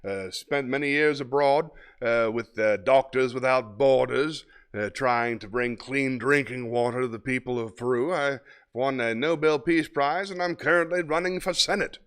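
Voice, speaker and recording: A man voicing a suave, well-educated talking dog in a spoken joke, bragging slowly and pompously. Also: mid-range voice, fairly bright tone, clear, resonant tone, close to an everyday voice. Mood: boastful. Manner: slow, self-assured, pompous bragging.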